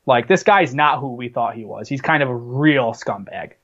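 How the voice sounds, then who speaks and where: A man's voice: mid-range voice, moderate pace, breathy edge, highs cut off. A man co-hosting a casual movie podcast, telling stories with lots of fillers and restarts. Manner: animated storyteller, many fillers and restarts. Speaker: podcast co-host. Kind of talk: casual chat, movie countdown.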